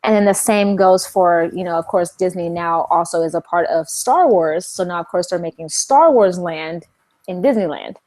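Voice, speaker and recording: A woman's voice: lowish voice, moderate pace, a little mellow. A young woman from California co-hosting a casual podcast chat, talking in a chatty way with lots of "like" and restarts. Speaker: podcast co-host.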